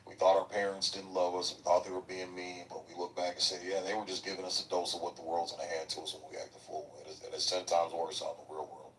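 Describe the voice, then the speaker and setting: A man with a low, deep voice spins crude, slang-heavy anecdotes about boot camp, swearing freely as he rambles. He sits a little back from the microphone, so he sounds slightly distant. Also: flat delivery, fast, hardly any pauses, slight background noise. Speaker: guest, military veteran. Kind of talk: casual profane storytelling.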